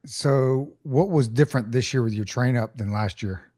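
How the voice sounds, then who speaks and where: A man's voice: medium pitch, normal speed, warm tone, no echo, clean studio sound. A man in his forties chatting casually on a podcast with teasing, joking banter. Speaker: podcast co-host. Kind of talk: casual chat.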